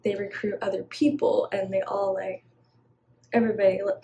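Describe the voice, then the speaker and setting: Chatty woman with a mellow voice. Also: mid-range voice, little pitch movement, brisk, a little hiss or hum. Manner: casual, chatty, slangy, laughs often, says "y'all". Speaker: vlogger. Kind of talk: casual advice monologue to camera. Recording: poor audio quality.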